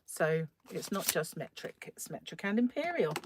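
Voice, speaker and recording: A woman's voice: on the low side, very animated, normal speed, a little hiss or hum. A middle-aged woman, chatting casually on a crochet live stream, laughing often and greeting viewers by name. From England, North London.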